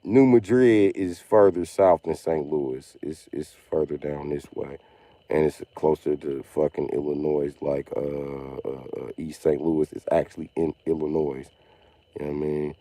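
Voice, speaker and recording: A man's voice: a bass voice, fairly even intonation, measured pace, mellow, no echo. A man livestreaming, ranting emphatically over a video with profane, repetitive commentary. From Missouri. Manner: profane, emphatic, repeats himself.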